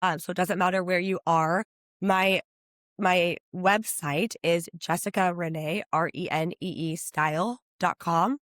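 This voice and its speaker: A woman in her thirties, a personal stylist guest on a podcast, talking in an upbeat, chatty way and acting out quotes in higher voices. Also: fairly even intonation, a little slow, a bit bright, no room sound, clean studio sound. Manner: enthusiastic, chatty, acts out quotes with high-pitched voices.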